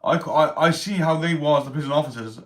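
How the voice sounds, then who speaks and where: A man's voice: a little high, fast talker. Chatty man on a livestream. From Wales. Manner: chatty, street slang, reads chat aloud. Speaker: livestream host. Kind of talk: casual live chat.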